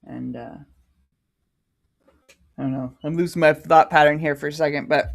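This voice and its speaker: A woman's voice: sits low, normal speed, gravelly, long pauses. A woman hosting a casual livestream, reading scripture aloud with frequent giggles and chatty asides. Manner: giggly, chatty, prone to tangents.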